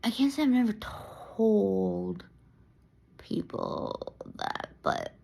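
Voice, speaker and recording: Excitable rambling young woman, creaky voice. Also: mid-range voice, drawn-out words. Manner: rambling, excitable, laughs often, many restarts. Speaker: vlogger. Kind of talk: casual talking-to-camera vlog. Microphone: camera mic.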